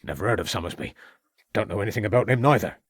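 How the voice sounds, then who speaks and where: A man's voice: lowish voice, lively intonation, fast, breathy edge, no echo, studio quality. A man voicing a surly, aggressive farmer suspect who talks in defiant, ungrammatical rustic speech.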